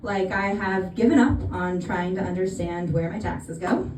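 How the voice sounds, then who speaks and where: A woman's voice: medium pitch, fairly even intonation, normal speed, darkish tone, slight background noise. A woman in her thirties from California with an American accent, doing a stand-up comedy set with dry, self-deprecating punchlines. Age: 30s. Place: comedy venue on stage. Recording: echoey room from far off.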